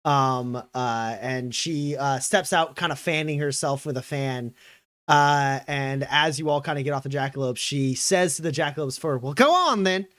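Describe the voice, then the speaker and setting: A man's voice: medium pitch, fairly even intonation, moderate pace, a bit bright, no echo, clean studio sound. A man narrating as game master of a tabletop game, rambling with many fillers.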